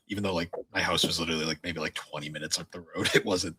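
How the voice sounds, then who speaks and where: A young man chatting casually on a podcast, with a husky, slightly breathy voice. He tells his stories in a laid-back manner, swearing and laughing as he goes. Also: sits low, fairly even intonation, very fast, pushed and bright. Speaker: podcast co-host. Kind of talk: casual chat, storytelling.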